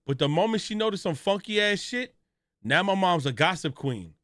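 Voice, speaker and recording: A man streaming live, reacting to a video in a loud, joking way with a lot of slang and talking straight to his chat. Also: sits high, lively intonation, normal speed, no room sound, clean studio sound.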